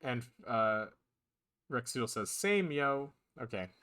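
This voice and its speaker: A man's voice: mid-range voice, expressive, slow pace, pushed and bright. A man streaming a game, joking and reading viewer chat aloud in casual talk. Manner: jokey, playful. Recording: game music behind.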